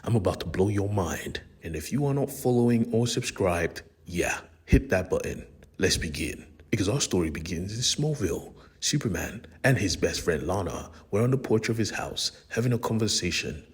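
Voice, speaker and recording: A man's voice: deep voice, expressive, moderate pace, slightly rough. A young man casually retelling a comic book story in a slangy way, talking straight to his viewers. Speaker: comic book recap host. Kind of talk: casual comic recap narration.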